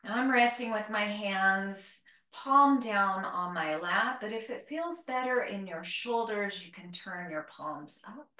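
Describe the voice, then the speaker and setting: A woman guides a live yoga class with calm, gentle cues, a little out of breath. Her voice sits at a middle pitch and is picked up from some distance away. The room around her rings with echo. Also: a little slow. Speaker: yoga teacher. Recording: roomy, from a distance.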